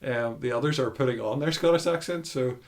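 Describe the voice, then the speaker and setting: A man's voice: mid-range voice, brisk. A man hosting a podcast, chatting casually about movies with hesitant fillers. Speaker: podcast host.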